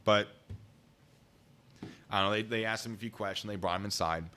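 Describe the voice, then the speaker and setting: Excitable low-voiced man on a stream. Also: fairly quick. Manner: excitable, animated, rambling. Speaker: live streamer. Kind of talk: casual storytelling on a live stream.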